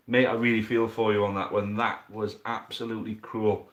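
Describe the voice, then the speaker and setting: A young man hosting and commentating a dice football tournament, chatty and excitable, swearing casually. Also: lowish voice, moderate pace, a little hiss or hum. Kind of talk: live commentary and casual chat.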